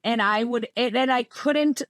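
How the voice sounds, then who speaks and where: A woman's voice: a little high, a little slow, fairly bright tone, no echo. Midwestern woman in her 30s, podcast guest, rambly and filler-heavy, dry close mic. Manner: chatty, rambling, many fillers like "like" and "you know". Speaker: podcast guest, former coaching client. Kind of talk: casual conversational interview.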